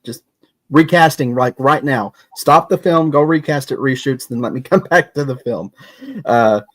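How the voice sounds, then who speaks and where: A man with a Kentucky Southern accent hosting a casual round-table chat, talking in an animated, folksy, ranting way. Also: mid-range voice, moderate pace, no room sound. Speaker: podcast host.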